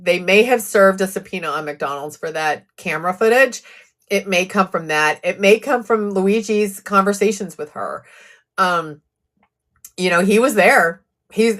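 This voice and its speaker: Hosting a live true crime stream, a woman with a mid-range, slightly bright voice chats casually about a court case. She answers viewer comments, adding sarcastic asides.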